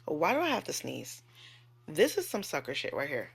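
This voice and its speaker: Low gravelly-voiced woman vlogging. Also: huge pitch swings, normal speed. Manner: candid, profane, chatty. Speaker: nurse and vlogger. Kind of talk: casual storytelling to camera.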